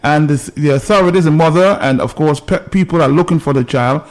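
A man's voice: fairly high pitch, brisk. A man hosting a call-in radio talk show, firm and repeating words to press his point. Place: radio studio.

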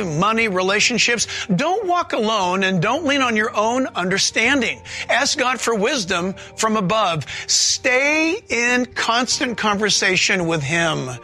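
A man preaching a sermon in an animated, joking, conversational way. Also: extremely high pitch. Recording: long hall reverb, faint music.

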